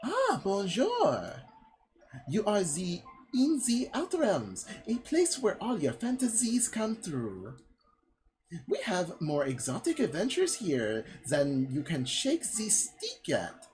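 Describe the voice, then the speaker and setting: Brief: hammy stereotyped French accent, scheming merchant lady, drawn-out delivery, swooping high, as a woman reads her aloud. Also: huge pitch swings, darkish tone, faint music behind, poor audio. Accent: put-on stereotyped French. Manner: slow, drawn-out, hammy line reading. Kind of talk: reading game dialogue aloud in a voice.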